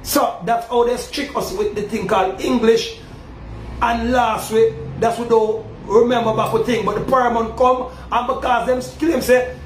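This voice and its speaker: Jamaican guy, real high voice, preachy rant at his fans, echoey room. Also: steady tone, normal speed, a little hiss or hum. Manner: preachy, repetitive, calls out "people" often. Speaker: self-styled community leader addressing fans. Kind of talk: animated street-style rant.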